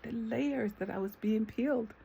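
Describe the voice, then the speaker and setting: A woman vlogging a reflective self-talk monologue, rambling with lots of fillers and breaking into sudden high exclamations. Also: normal speed, creaky, dark tone, breathy edge. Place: eating ice cream while filming herself.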